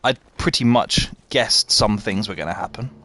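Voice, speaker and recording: His voice is lowish, pushed and bright, at a moderate pace. He's live-streaming a game, chatting casually and reading out viewer messages to answer them as he plays.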